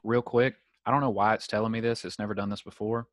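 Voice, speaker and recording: A young man, hosting a podcast over a video call and telling a story in a casual, animated way. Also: lowish voice, fast talker, dry recording. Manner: animated storyteller, acts out quoted voices. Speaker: podcast host.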